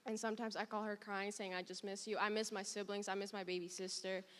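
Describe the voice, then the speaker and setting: A woman's voice: medium pitch, level tone, quick pace. A young woman student from abroad, sharing a candid, emotional personal story on a panel. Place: performing arts hall. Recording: long reverb in a large hall.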